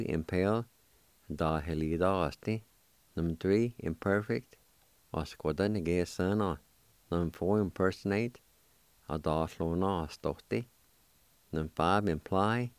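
A man hosting a radio language lesson, spelling and pronouncing Cherokee words slowly and repeating each one for listeners to write down. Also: low-pitched, darkish tone, smooth, no room sound. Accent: Oklahoma Cherokee.

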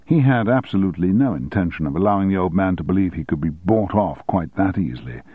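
A man narrating an audiobook in a measured, expressive storytelling manner. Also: low voice, slightly rough, dry recording. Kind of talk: scripted narration. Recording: dry, tinny phone-like sound.

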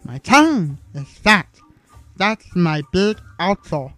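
A man's voice: high voice, wildly swooping pitch, unhurried, warm tone, breathy edge, no room sound, soft background music, pitched above the performer's own voice, exaggerated voice. A man voicing a clumsy male amphibian alien who mumbles in a slurred, startled way. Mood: panicked.

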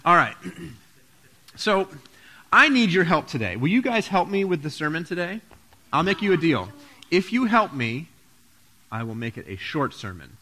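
Lively pastor giving a children's sermon. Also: male voice, on the high side, moderate pace, pauses often. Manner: playful, asks kids questions.

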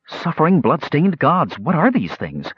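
A man's voice: fairly high pitch, wildly swooping pitch, fast, slightly rough, no echo, muffled recording, voice pushed up, exaggerated voice. A man voicing a bold young woman warrior, urgent and commanding.

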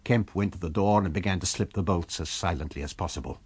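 A man narrating a novel in a measured storytelling manner. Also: deep voice, breathy edge, no echo. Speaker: audiobook narrator. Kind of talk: scripted narration.

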